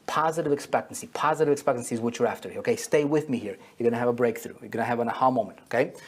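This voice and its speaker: Husky-voiced man teaching marketing. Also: medium pitch. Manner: keeps checking in with "okay?" and "right?"; repeats key phrases for emphasis. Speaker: online marketing instructor. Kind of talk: whiteboard teaching lesson.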